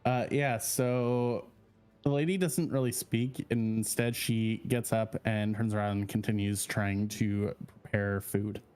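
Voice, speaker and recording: A man's voice: lowish voice, steady tone, takes it slowly, a little mellow, clean tone, faint music behind. A man running a tabletop game as game master, describing scenes in a laid-back, plain way.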